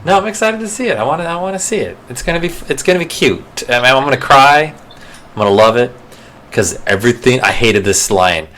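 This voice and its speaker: A man's voice: mid-range voice, lively intonation, fairly quick, a bit bright. A man co-hosting a casual movie chat podcast, playful and profane, acting out film lines. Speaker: podcast co-host.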